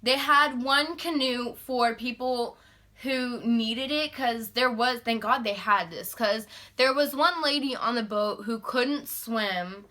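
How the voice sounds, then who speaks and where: A young woman casually telling a story to her camera, animated and swearing freely. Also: on the high side, slow. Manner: animated, swears freely, mimics shocked voices.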